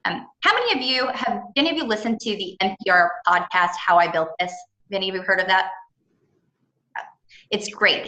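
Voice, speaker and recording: A woman's voice: fairly low pitch, sharp tone, roomy sound, rough recording. A woman presenting a business etiquette seminar, chatty and engaging with frequent fillers.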